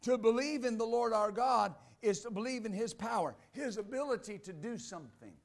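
High-voiced pastor preaching with emphasis. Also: male voice, moderate pace, hardly any pauses. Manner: emphatic, repeats "Amen" and "believe that"; reads scripture aloud, then explains it. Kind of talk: sermon.

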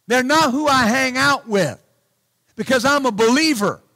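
A male pastor preaching a sermon bluntly and emphatically, often saying hallelujah and shouting his key points. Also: extremely high pitch, unhurried.

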